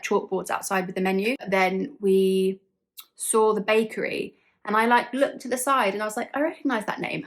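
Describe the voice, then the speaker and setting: A woman's voice: mid-range voice, fairly bright tone. A young woman telling a story casually to her vlog audience, chatty, with lots of fillers and frequent laughs. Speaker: vlogger.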